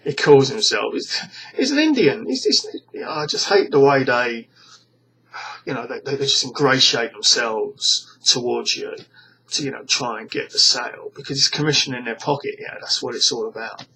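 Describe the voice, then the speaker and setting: A man's voice: mid-range voice, steady tone, moderate pace, bright, forceful tone, a little hiss or hum, low-quality recording. A British man ranting to his viewers in a casual monologue, rambling and scornful, stumbling over frequent restarts. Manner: scornful, exasperated. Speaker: vlogger.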